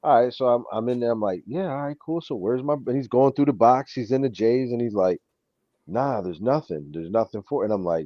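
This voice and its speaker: A man's voice: medium pitch, fairly quick, no room sound. A man with a New York accent in a casual chat, telling a story with energy and acting out what other people said. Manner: animated storytelling, acts out quoted people. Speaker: co-host. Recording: dull lo-fi sound.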